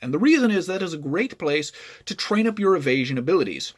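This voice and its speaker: A man's voice: fairly high pitch, very animated, quick pace. A man telling a storytime vlog about online gaming, explaining at length and checking in with "right?". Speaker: gaming vlogger.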